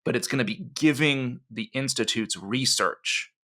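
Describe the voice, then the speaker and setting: A man's voice: mid-range voice, unhurried, pushed and bright. A man co-hosting a podcast, telling a history story in a rambling, conversational way with many asides. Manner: rambling storyteller, frequent "you know" and restarts. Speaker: podcast co-host.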